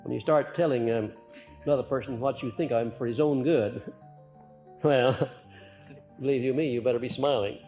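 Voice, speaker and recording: A man giving an earnest, folksy lecture to a live audience, letting his voice rise and drop on purpose and often pausing on "uh". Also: mid-range voice. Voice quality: frequent "uh" hesitations. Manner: folksy, earnest, swings between loud and soft on purpose. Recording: muffled archival recording, faint music.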